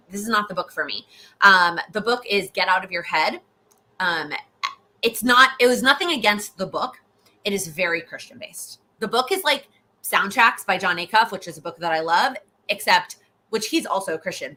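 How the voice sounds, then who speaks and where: A woman's voice: medium pitch, sharp tone. A young adult woman coaching on goals, chatting casually and answering viewer questions live, with frequent restarts and fillers. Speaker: host, goal-setting coach. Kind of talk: live Q&A chat.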